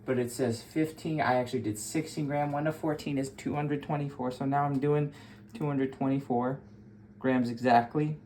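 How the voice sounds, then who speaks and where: A man chatting casually at home while he makes coffee, rambling and poking fun at himself. His voice sits at an ordinary middle pitch, with a faint hum of the room behind him. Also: steady tone, normal speed, mellow. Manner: joking, self-mocking, rambling. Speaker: coffee vlogger. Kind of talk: casual how-to chat while brewing coffee.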